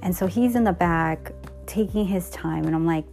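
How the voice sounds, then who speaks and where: A woman's voice: lowish voice, moderate pace, vocal fry, mellow, soft background music. A middle-aged woman hosting a podcast, candidly telling a personal story in a rambling way, full of restarts and fillers.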